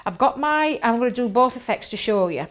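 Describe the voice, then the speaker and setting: A woman talks through a crafting demo in an easy, enthusiastic way, thinking aloud as she goes. Her voice sits a bit high, and she sounds like she's speaking indoors a little away from the mic. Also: lively intonation, fairly quick. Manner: chatty, enthusiastic, thinks aloud while working. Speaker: craft demonstrator. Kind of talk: live crafting demonstration.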